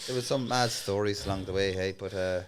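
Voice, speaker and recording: A man's voice: low voice, fairly quick, a crowd in the background. An Irish man, a comedian guest on a podcast, telling stories in casual chat and acting out the other people in them. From Ireland. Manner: animated storyteller, acts out voices in bursts.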